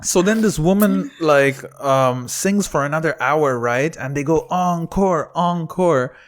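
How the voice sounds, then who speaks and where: Guy comic on a podcast spinning a story, acts out the voices, keeps laughing, voice sits a bit high. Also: a little slow. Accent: Emirati-raised English. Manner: animated storyteller who acts out quotes and laughs often. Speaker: comedian guest.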